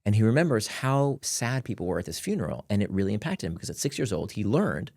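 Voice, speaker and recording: A man appears as a guest author, explaining his ideas in casual conversation, animated and laughing between points. His voice is lowish and fast, recorded dry with studio quality.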